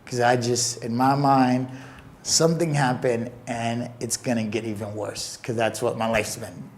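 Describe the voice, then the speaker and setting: A young man telling a personal story in an interview, earnest and emotional, with halting pauses. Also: medium pitch, steady tone, slight background noise.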